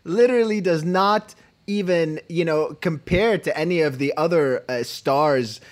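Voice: mid-range voice, unhurried. A podcast co-host in a casual film review debate, ranting heatedly and stumbling through repeated restarts.

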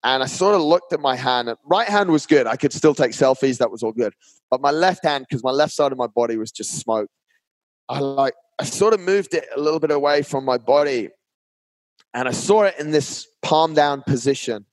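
A man speaking as a podcast guest, telling a personal story in a chatty, animated way, often saying "mate". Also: medium pitch, moderate pace, dry recording. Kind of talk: casual storytelling.

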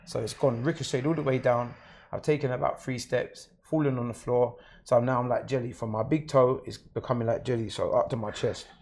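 A man with a London accent shares a personal story as an interview guest, keeping it plain and matter-of-fact. His mid-range voice is darkish, with vocal fry and fairly even intonation, and he speaks a little fast.

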